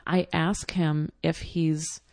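A woman's voice: deep voice, level tone, slow, gravelly, darkish tone, no room sound, studio quality. A woman telling a casual personal story in a chatty, exasperated way with lots of fillers.

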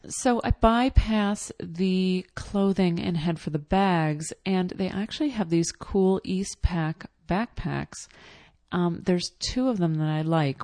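A woman's voice: lowish voice, dark tone, no room sound. A woman telling a casual personal anecdote in a chatty way, full of fillers and blunt asides.

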